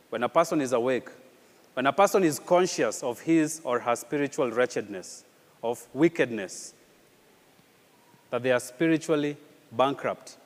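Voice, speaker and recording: A man preaching a sermon in an animated way, with rhetorical questions and repeated phrases. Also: medium pitch, big-room sound. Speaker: pastor.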